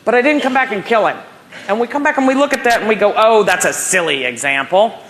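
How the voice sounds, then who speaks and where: A woman's voice: a little high, very fast, a little hiss or hum. A woman in her forties giving a motivational keynote at a professional conference, telling stories and acting out dialogue. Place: conference hall stage.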